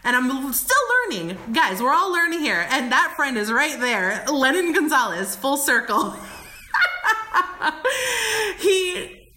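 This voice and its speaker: A woman's voice: high-pitched, lively intonation, moderate pace, pushed and bright. A woman guest on a podcast, telling a story candidly, cursing often and laughing. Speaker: podcast guest, travel company founder. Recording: echoey room.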